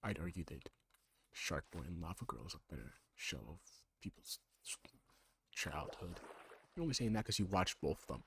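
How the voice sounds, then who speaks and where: A man in his twenties speaks low and expressively at normal speed, his voice carrying a breathy edge. He's a let's play creator doing casual gaming commentary, rambling and sarcastic, trading barbs with himself as two alternating sides.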